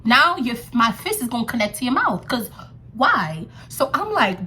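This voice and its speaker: A woman's voice: a little high, moderate pace, slight background noise. Sassy young woman telling a story. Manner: animated, sassy, slangy with lots of fillers. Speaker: storytime vlogger. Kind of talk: casual storytelling to camera.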